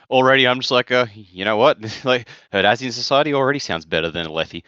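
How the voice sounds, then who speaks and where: A man's voice: medium pitch, brisk, pushed and bright, dry recording. An Australian man co-hosting a podcast in casual chat. He laughs easily, pokes fun at himself and swears casually. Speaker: podcast co-host. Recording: dry, slightly dull mic.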